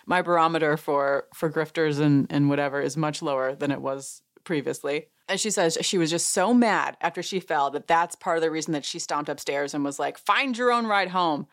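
A woman's voice: low voice, fairly even intonation, fairly quick, hardly any pauses. A woman hosting a podcast, casually recapping a show as an amused, chatty storyteller who laughs and acts out what others said. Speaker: podcast host.

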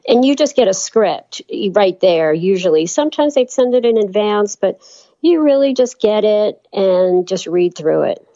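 A woman's voice: medium pitch, animated, moderate pace, dark tone, no room sound. Chatty woman from New York, lo-fi line. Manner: chatty, rambling with many fillers and restarts. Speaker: voice actress guest. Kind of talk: casual interview chat.

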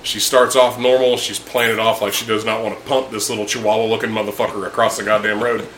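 Profane, bright-voiced man telling stories. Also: fairly low pitch, fast talker, slight background noise, low-quality recording. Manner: profane, animated storytelling with laughs. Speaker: storyteller among friends. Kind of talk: casual chat over drinks. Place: indoors with friends.

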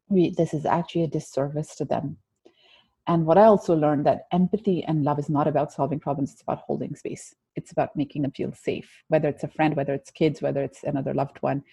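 A woman's voice: low-pitched, mellow, slightly rough, no echo. A woman guest telling a personal story in an interview, earnest and reflective, with frequent restarts.

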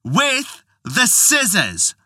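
A storyteller voicing a stubborn, defiant wife who repeats herself slowly in a raised voice. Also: wildly swooping pitch, sharp tone, breathy edge, no room sound, clean studio sound, heavily acted. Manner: slow, high, insistent repetition. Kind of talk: storytelling voice acting.

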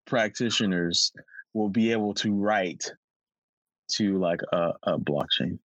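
A man's voice: sits low, slow, a bit bright, no room sound. A man co-hosting a casual podcast roundtable, joking around and riffing off topic. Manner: goofy, jokey, riffs and goes off topic. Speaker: podcast co-host.

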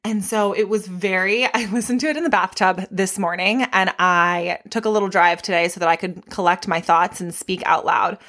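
A woman's voice: medium pitch, normal speed, hardly any pauses. Young woman, podcast host, pregnant, chatty, candid, casual swearing, into a podcast mic. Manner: chatty and candid, swearing freely, animated asides. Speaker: podcast host and fitness instructor. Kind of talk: casual solo podcast monologue. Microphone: podcast microphone.

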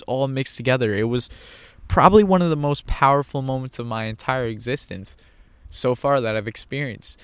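A man's voice: medium pitch, normal speed, clean tone, dry recording. A man telling a personal story in an earnest way, repeating phrases for emphasis. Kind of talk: personal monologue.

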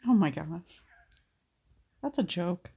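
Slow-talking, blunt woman co-host. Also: on the low side, expressive, gravelly, warm tone, slightly rough. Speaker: podcast co-host. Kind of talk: casual chat.

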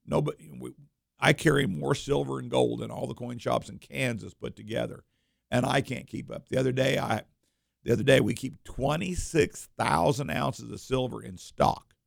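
A man's voice: medium pitch, normal speed, vocal fry, no room sound, clean studio sound. A man who runs a coin shop, talking as a radio guest, telling rambling stories and repeating words as he restarts his sentences. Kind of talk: casual storytelling on a talk radio show.

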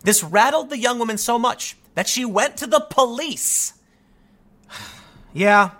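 A man's voice: very high voice, measured pace, a bit bright. A man ranting through an opinion monologue as a commentary host, exasperated and full of rhetorical questions. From United States.

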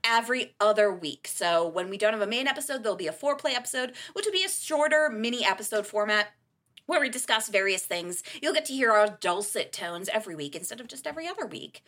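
A woman's voice: medium pitch, animated, fast, a bit bright. A woman co-hosting a podcast, chatting playfully and reading out announcements. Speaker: podcast co-host. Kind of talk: casual chat.

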